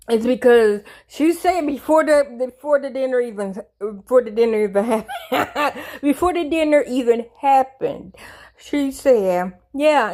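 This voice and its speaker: A woman's voice: high voice, darkish tone. A woman giving a casual comedic rant to her viewers, rambling and repeating herself, swearing freely and swinging between playful and emphatic. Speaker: commentator.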